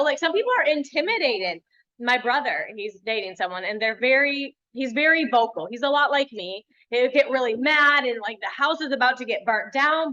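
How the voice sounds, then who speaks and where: Woman, young adult, coach, high bright voice, blunt, animated, lo-fi recording. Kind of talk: casual workshop talk. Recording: dull lo-fi sound.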